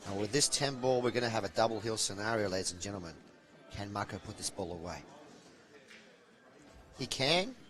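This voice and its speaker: A man's voice: on the low side, fairly even intonation, fast talker, low-quality recording. A young adult man giving chatty, jokey live commentary on a pool match.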